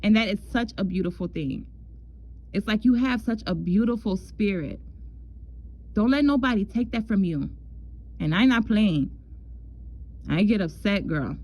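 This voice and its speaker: A woman talks through a casual love reading as a tarot reader, at an everyday middle pitch. She is chatty and loose, often repeating herself and calling the listener "girl". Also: lively intonation, moderate pace, long pauses, darkish tone, low-quality recording.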